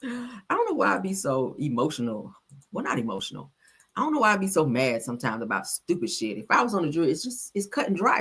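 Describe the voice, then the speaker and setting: Animated woman with a bright voice. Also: on the low side, slightly rough. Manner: animated, blunt, profane, addresses viewers directly. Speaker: commentary host. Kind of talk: casual news commentary.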